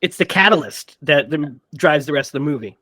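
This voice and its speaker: A man co-hosting a casual movie podcast, retelling scenes with quick quoted character lines. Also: fairly high pitch, animated, sharp tone, dry recording. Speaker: podcast co-host.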